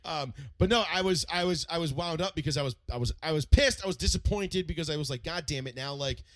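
A man in casual sports chat, telling stories with animated swearing and many restarts. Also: on the high side, fast, dry recording. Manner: animated, profane storytelling with lots of restarts.

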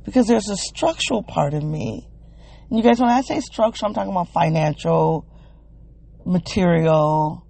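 A woman hosting a solo wellness podcast, thinking aloud in a halting, searching, emotionally open way. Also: on the low side, expressive, gravelly, mellow. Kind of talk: reflective solo podcast monologue.

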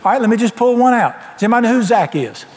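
A man's voice: extremely high pitch, animated, very fast, big-room sound, slight background noise. A man preaching a sermon, telling his story in a folksy way and acting out the dialogue.

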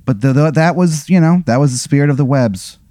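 Male storyteller running a scenario, mellow, dry mic, rambling with fillers. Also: a little high, a little fast, no echo. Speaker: game master of a hypothetical. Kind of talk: improvised storytelling.

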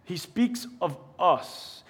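A man preaches from the pulpit in a conversational way, putting question after question to his congregation. His voice sits fairly high for a man. The sound carries a long reverb from a large church hall. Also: lively intonation, extremely slow, fairly bright tone, breathy edge. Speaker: pastor. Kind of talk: sermon.

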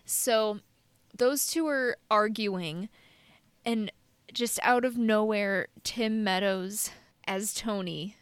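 A woman's voice: medium pitch, slow pace, clear, resonant tone, dry recording. Young woman rambling through a story. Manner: rambling storyteller, self-deprecating. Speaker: podcast co-host. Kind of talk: casual chat.

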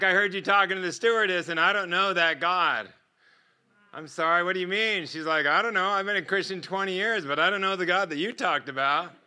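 A middle-aged man telling stories as a guest speaker in a sermon, animated and often laughing between lines. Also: sits high, clean tone. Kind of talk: sermon storytelling.

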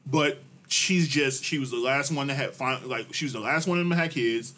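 A man in casual chat, telling family stories with a lot of profanity and slang, restarting his sentences and laughing through the punchlines. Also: normal speed. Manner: animated, laughs through his own stories, loud high bursts at punchlines. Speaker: podcast co-host telling a family story.

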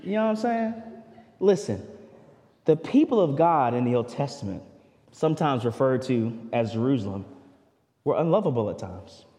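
A male pastor preaching a sermon in a conversational way, swinging from loud declarations down to a near hush. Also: mid-range voice, moderate pace, pauses often, big-room sound. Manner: animated preaching, swells loud then drops to near hush; conversational asides, repeats words as he goes. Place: church sanctuary.

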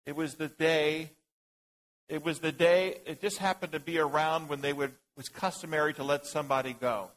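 A man's voice: a little high, fairly bright tone, poor audio. A man teaching a Bible class in a casual way, joking, thinking aloud and calling on people in the group.

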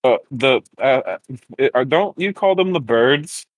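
Slow, lively-pitched joking man. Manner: playful, cheering, echoing others' lines. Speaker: player. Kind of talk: out-of-character banter in an online tabletop game.

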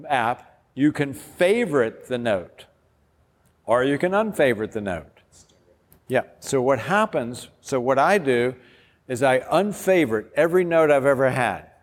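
A man, a pastor, giving an enthusiastic, informal workshop talk while demonstrating an app step by step. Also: medium pitch. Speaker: pastor presenting a discipleship app. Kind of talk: workshop presentation. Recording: long hall reverb.

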